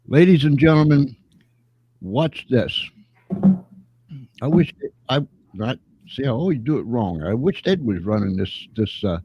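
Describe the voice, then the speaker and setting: A man's voice: fairly low pitch, husky, dry recording, dull audio. A man hosting a casual talk show, hesitant, with many restarts. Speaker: host.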